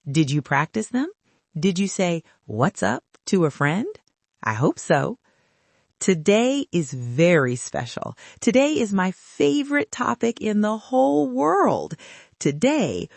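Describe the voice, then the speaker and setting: Upbeat woman host, unhurried scripted English lesson, rather low voice, very dry. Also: gravelly, dry recording. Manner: slow, careful and upbeat, with a very lively pitch. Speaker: English teacher and podcast host.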